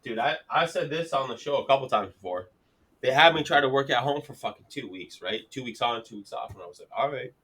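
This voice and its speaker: Bright-voiced, swearing man telling stories. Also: medium pitch, fast, breathy edge. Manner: profane, animated storytelling. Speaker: podcast host. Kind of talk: casual chat.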